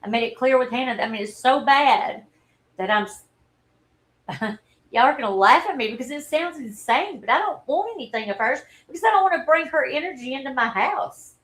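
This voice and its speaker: A woman, telling a personal story in a halting, earnest and openly emotional way on a livestream. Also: sits high, lively intonation, fairly bright tone, poor audio. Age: 40s. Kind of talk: candid personal livestream talk.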